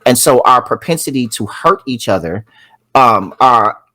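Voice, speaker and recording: Animated man co-hosting a podcast. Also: mid-range voice, a little slow, dry recording. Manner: animated, acts out quotes, asks "you see what I'm saying". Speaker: podcast co-host. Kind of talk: casual chat.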